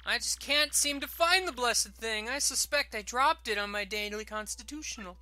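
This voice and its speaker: A man's voice: very high-pitched, normal speed, bright, forceful tone, pitched above the performer's own voice, exaggerated voice. A man voicing a pompous, fussy older woman with a theatrical, haughty way of talking. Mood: fretful.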